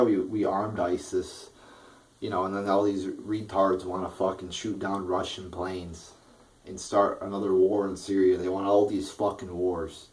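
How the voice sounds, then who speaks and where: Low-voiced man ranting angrily. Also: a little mellow, recorded from a distance, rough recording. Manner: heated, profane, stammering restarts. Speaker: political vlogger. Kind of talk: angry political rant.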